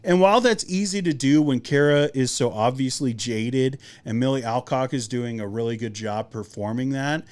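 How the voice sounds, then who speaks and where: A young man hosting a podcast, giving a casual, rambling movie review with lots of fillers and animated jumps in his voice. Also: medium pitch, moderate pace, few pauses. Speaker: podcast host.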